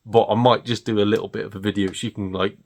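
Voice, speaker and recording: A British man vlogging about retro game pickups, gleeful and excitable and laughing often. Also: on the low side, fast talker. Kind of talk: casual chat showing off purchases.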